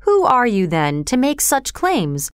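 A woman's voice: fairly high pitch, wildly swooping pitch, measured pace, smooth, dry recording, clean studio sound. A woman voicing a stern, scornful older male magistrate who talks in a curt, dismissive way in a storybook reading.

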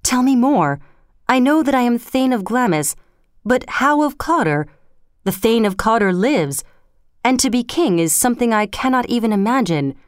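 A woman's voice: fairly high pitch, animated, moderate pace, smooth, no room sound, studio quality, pitched above the performer's own voice, close to an everyday voice. A woman voicing Macbeth, an ambitious male warrior lord, demanding answers in an insistent, commanding way in a storybook reading.

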